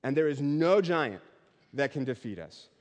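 A man's voice: fairly high pitch, lively intonation, normal speed, darkish tone. A male pastor preaching a Christmas sermon with rhythmic, building repetition. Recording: long hall reverb.

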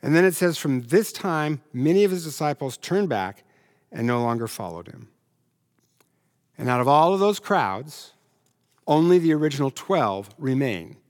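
A pastor preaching a sermon in a conversational, humorous way, now and then putting on complaining voices. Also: male voice, fairly high pitch, lively intonation, normal speed.

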